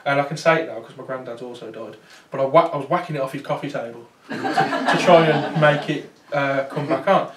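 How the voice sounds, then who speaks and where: A man with a medium pitch speaks briskly with hardly any pauses, over the noise of a loud crowd. He's a paranormal investigator telling a chatty story to a small audience, full of fillers and restarts, recorded from a distance with roomy sound.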